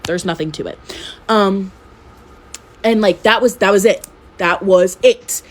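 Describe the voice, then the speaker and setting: A woman's voice: mid-range voice, unhurried. A very tired young woman at home telling a messy personal story in casual chat, swearing freely and laughing often. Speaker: storytime vlogger. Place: at home with her cat.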